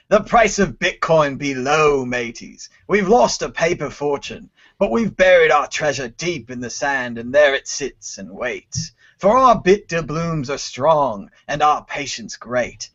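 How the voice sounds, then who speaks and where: A swaggering pirate captain bellows out a bold prediction in theatrical pirate talk, as a man puts him on. The voice sits fairly high for a man. The podcast audio sounds muffled and lo-fi. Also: fairly bright tone. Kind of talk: playful pirate voice for a price prediction.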